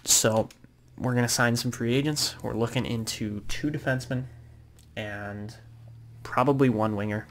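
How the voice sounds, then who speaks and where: Talking at a normal speed in a medium-pitched voice, a young man casually narrates his gameplay as a YouTuber, mulling over his next moves aloud and filling pauses with lots of ums and uhs. A little background noise can be heard.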